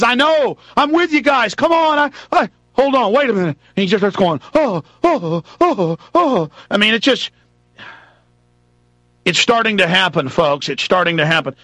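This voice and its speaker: Man ranting on his radio show, kinda high pitched, dry close studio sound. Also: pushed and bright, no room sound. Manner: ranting, rambling, dramatic. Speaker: radio talk show host. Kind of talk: impassioned talk radio monologue.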